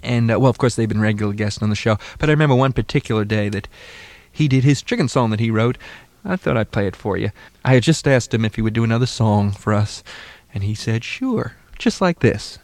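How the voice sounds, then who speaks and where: A man's voice: fairly low pitch, fast, a little mellow, no echo. A man hosting a talk show who plays a mild, patient straight man to his dummy. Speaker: host and ventriloquist. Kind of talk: casual talk show banter.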